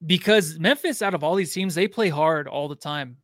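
A man's voice: on the high side, moderate pace, fairly bright tone, dry recording. Easygoing man chatting sports. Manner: easygoing, laughs often. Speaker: podcast co-host. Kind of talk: casual sports talk.

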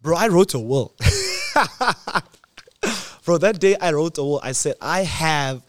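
A man's voice: fairly high pitch, expressive, a little slow, darkish tone, no echo, clean studio sound. A man, telling a personal story in a casual, slangy way and laughing between lines. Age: 20s.

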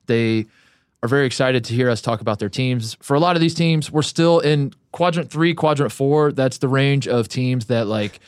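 A man co-hosting a sports podcast in casual chat, with a wry, dry way of deflating the story. His voice sits at an ordinary middle pitch. The sound is close and dry, with no room around it. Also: normal speed, smooth, dry recording. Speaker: podcast co-host.

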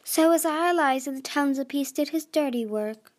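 A woman's voice: high-pitched, moderate pace, voice pushed up, close to an everyday voice. A woman doing a purring, scheming dragon. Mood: silky. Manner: smooth, purring. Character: scheming, silky female desert dragon queen.

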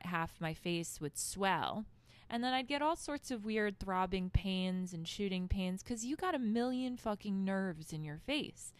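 A woman's voice: medium pitch, clear, resonant tone, no echo. A woman hosting a podcast and telling a story in a casual, blunt, profane way, with laughing asides into a handheld microphone. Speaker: podcast host. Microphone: handheld microphone held close.

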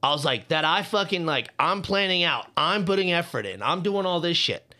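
A man's voice: on the high side, lively intonation, moderate pace, sharp tone. A man co-hosting a casual podcast, telling a story in a heated, profane rant while worked up and hot under the collar. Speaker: podcast co-host.

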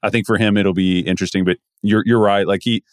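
A man's voice: on the low side, fairly even intonation, quick pace, clear, resonant tone, no room sound, clean studio sound. A man co-hosting a podcast, talking basketball in a loose, rambling way and laughing easily. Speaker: podcast co-host. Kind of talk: casual basketball chat.

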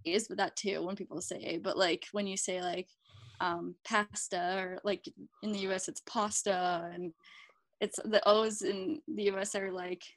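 A woman's voice: mid-range voice, little pitch movement, normal speed, no echo. A young woman with a Canadian accent chats away as a guest, peppering her talk with likes and little laughs. Her voice sits mid-range for a woman and sounds close and dry, with no room around it. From Alberta, Canada. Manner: chatty, laughs often, many likes. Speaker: guest, former college hockey player. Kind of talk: casual interview chat.

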